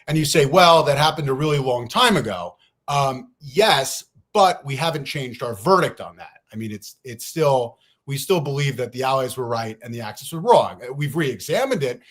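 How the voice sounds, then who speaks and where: Man in a debate, mid-pitched, emphatic and lecturing, rattling off figures at a quick clip. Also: animated. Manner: emphatic, lecturing, piles up numbers; talks fast at times. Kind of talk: debate argument.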